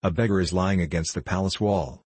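A man's voice: sits low, fairly even intonation, a little fast, darkish tone, husky, dry recording. A man reading as a teasing young queen. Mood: wistful, pleading. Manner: coaxing, teasing questions. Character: young queen of Sheba, playful and capricious.

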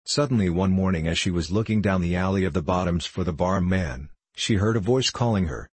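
A man reading a novel aloud as an audiobook narrator, in a steady, measured way. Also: low-pitched, slightly rough, no echo.

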